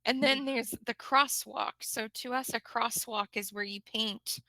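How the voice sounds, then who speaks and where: American woman, English teacher, lively and chatty; higher voice with a crisp bright tone. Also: measured pace, no room sound, rough recording. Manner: animated, chatty, laughs often. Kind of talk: casual conversation.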